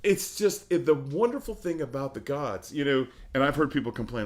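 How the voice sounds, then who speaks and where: Animated middle-aged man telling stories. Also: mid-range voice, fairly quick, hardly any pauses. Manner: animated storyteller, laughs often. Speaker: opera singer guest. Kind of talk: casual interview chat.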